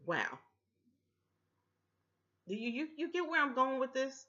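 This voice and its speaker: Emphatic woman pitching on a webcam. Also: sing-song, unhurried, long pauses, sharp tone. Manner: emphatic and repetitive, speaks straight to viewers. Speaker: vlogger pitching a home business. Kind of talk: casual persuasive talk to camera. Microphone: built-in webcam mic. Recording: dull lo-fi webcam audio.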